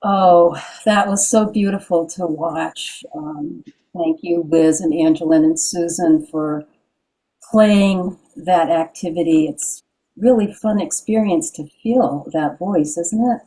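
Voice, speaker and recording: A woman leading a voice workshop, gentle and encouraging with the group. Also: fairly low pitch, takes it slowly, slightly rough, poor audio. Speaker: workshop facilitator. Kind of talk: guiding a voice workshop.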